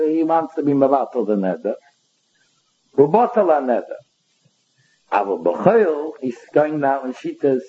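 A man's voice: medium pitch, lo-fi sound. A man teaching a Talmud study lesson, reading passages aloud and explaining them line by line.

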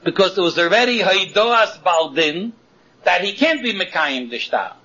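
A man teaching a Talmud lesson in a lively chanting singsong, arguing both sides of a case in the first person. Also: sits high, normal speed. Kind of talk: Talmud study lecture. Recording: dull lo-fi recording.

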